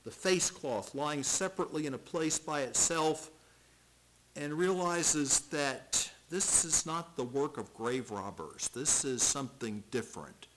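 A middle-aged man preaching with a fairly high voice. He reads scripture aloud and stumbles over repeated words. He pushes some phrases loud and drops others to a near hush. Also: lively intonation, unhurried, a little hiss or hum, low-quality recording. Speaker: pastor. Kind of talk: expository sermon.

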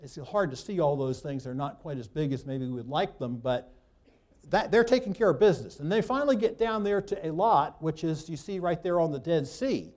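A man's voice: a little high, expressive, a little fast, a little mellow. A man teaching a Bible class, reading scripture aloud, then breaking off with loose asides as he points things out on a map. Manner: talks loosely, with restarts, while pointing at a map.

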